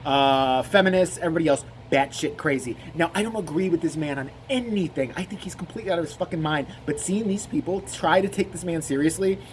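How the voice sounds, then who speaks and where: A man's voice: a little high, fast talker, few pauses, slight background noise. A man giving rambling, profane comic commentary on a video. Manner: rambling, profane, laughing asides.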